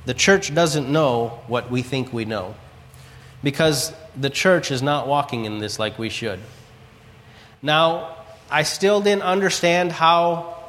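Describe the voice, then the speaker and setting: A man's voice: medium pitch, in a large hall. A man preaching a sermon, earnestly telling a story and quoting scripture. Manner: earnest storytelling, quotes scripture and his own prayers.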